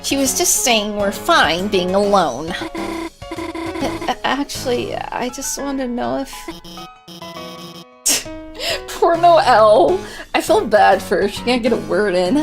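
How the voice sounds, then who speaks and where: A woman streamer talks in an unhurried, giggly way, her fairly high voice bouncing widely in pitch. She rambles with plenty of fillers. Music plays clearly behind her. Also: sing-song. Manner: giggly, chatty, frequent "like" fillers. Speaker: livestreamer. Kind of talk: casual live-stream chatter.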